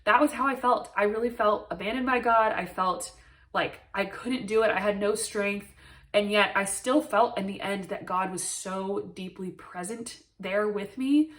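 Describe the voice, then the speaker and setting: A woman's voice: mid-range voice, normal speed, recorded from a distance. A young woman telling a personal story to camera, earnest and emotional, with many "like" fillers. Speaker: new mother telling her birth story.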